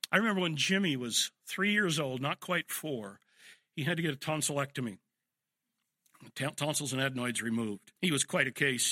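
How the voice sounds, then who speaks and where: A man's voice: on the high side, bright, forceful tone, no room sound, clean studio sound. An older man preaching a sermon, telling family anecdotes and acting out firm commands to children. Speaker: pastor.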